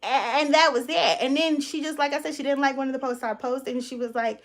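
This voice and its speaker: Woman creator, high voice, sarcastic storytime rant, cusses freely. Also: fast talker. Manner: blunt, sarcastic, profane, animated. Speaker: content creator. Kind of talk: casual storytime rant to camera.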